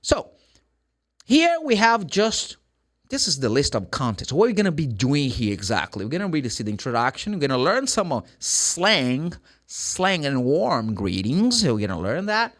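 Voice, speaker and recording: An English teacher, his voice sitting a bit higher than most men's and swinging widely in pitch. He drills phrases emphatically in a lively online lesson. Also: moderate pace. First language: Portuguese. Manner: animated, emphatic, repeats example phrases.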